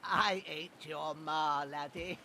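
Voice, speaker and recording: A woman's voice: low voice, steady tone, slow pace, bright, forceful tone, slight background noise, full character voice. A woman voicing an old rustic village healer in a video game, talking in a homely, folksy, motherly way.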